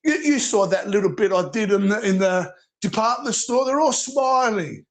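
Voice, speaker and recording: High-voiced Australian man chatting. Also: moderate pace. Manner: rambling, laughs often, restarts a lot. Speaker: panel guest. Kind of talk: casual chat.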